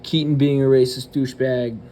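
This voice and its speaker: Man, channel host, profane ranting commentary, blunt, hesitant fillers, mid-pitched voice, faint background noise. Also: level tone, brisk, dark tone.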